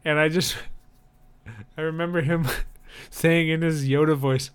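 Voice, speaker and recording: Brief: male co-host with a smooth, clear voice, playful and quick to laugh. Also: a little high, fairly even intonation. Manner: teasing, laughs easily. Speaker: podcast co-host. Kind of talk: casual chat.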